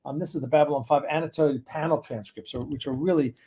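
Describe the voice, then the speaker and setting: A man's voice: a little high, steady tone, fast talker, dark tone, a little hiss or hum. A man hosting a casual live stream, chatting loosely, greeting viewers one by one by name and rambling between asides.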